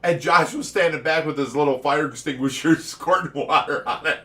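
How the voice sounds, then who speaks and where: Brief: Ohio man, casual host, lively storyteller, slightly higher voice, heard a little off-mic. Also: moderate pace, recorded from a distance. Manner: animated storyteller, laughs often. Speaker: fish rescue owner, livestream host. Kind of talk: casual livestream chat.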